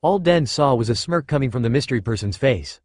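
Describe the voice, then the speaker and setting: A man narrating a fan-written story aloud in a steady, even way. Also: medium pitch, brisk, no room sound, clean studio sound. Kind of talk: reading fan fiction aloud.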